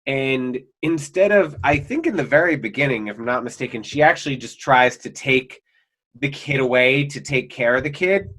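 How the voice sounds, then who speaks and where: A man's voice: medium pitch, lively intonation, moderate pace, fairly bright tone. A man co-hosting a podcast, recapping an anime's plot casually with playful, jokey asides. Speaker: podcast co-host.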